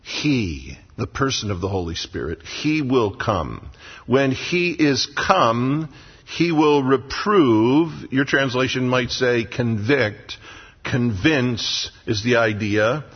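A man's voice: mid-range voice, animated, takes it slowly, slightly rough. A man preaching a sermon as pastor in a church sanctuary, with emphatic repetition. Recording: lo-fi sound with long hall reverb.

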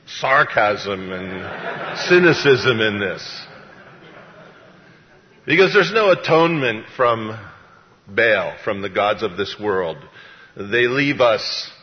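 A man preaching a sermon as pastor, talking in a folksy, conversational way. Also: lowish voice. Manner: conversational, folksy storytelling with acted-out voices. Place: church. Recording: dull, echoey church hall sound.

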